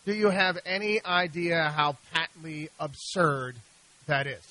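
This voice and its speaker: Animated male radio host, bright high voice. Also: a little slow, low-quality recording. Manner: animated, exasperated, repeats and restarts. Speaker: radio show host, investment advisor. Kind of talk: radio talk monologue.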